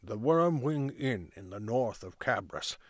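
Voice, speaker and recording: A stern town constable, formal and clipped in every order he gives, as a man reads him out. His voice sits at an ordinary male pitch, dry and close with no room around it. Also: expressive, unhurried, no echo. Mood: warning.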